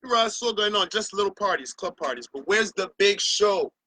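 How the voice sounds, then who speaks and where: A man's voice: high voice, lively intonation, normal speed, pushed and bright, no echo. A middle-aged Barbadian man hosting his own opinion show, ranting passionately and profanely about a carnival. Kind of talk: opinion rant to camera.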